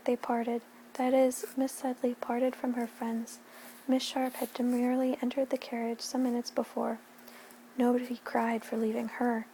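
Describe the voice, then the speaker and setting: A woman giving a gentle, soft-spoken ASMR reading of a classic novel at home, her voice dropping at times into a whisper. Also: fairly high pitch, a little hiss or hum, poor audio. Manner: gentle, hushed, slipping into whispers. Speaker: ASMR reader.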